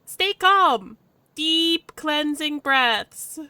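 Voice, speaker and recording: A woman voicing a sprightly, chirpy AI companion with a raised pitch. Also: lively intonation, drawn-out words, pushed and bright, dry recording, exaggerated voice. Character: sprightly AI voice in a man's head.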